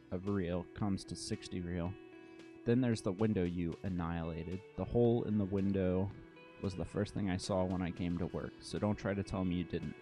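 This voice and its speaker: A man's voice: deep voice, mellow. A man reading the part of a sarcastic, prickly male hotel manager who talks in a haughty mock-aristocratic way.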